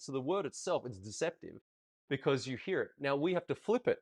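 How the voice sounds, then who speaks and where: A male ballroom coach talks a student through footage in a chatty, encouraging way. His pitch swings widely and keeps the explanation lively. Now and then he counts the steps out loud as he demonstrates. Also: fairly quick. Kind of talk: coaching a student over video review.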